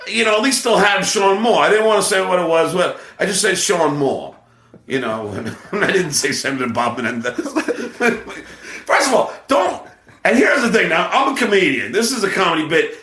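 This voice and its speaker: A man's voice: on the high side, normal speed, roomy sound. A man, a comedian hosting a podcast, telling a story in casual chat with lots of stammered restarts. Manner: animated, stammering, restarts a lot.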